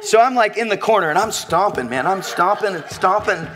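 A pastor with a high-pitched voice moves briskly through his sermon, joking and animated as he tells a story and addresses the congregation directly.

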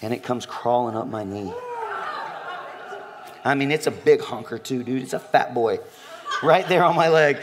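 A man preaching a sermon to a congregation, animated and joking, telling a story and talking directly to his listeners. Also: a little high, normal speed, slight background noise. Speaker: pastor.

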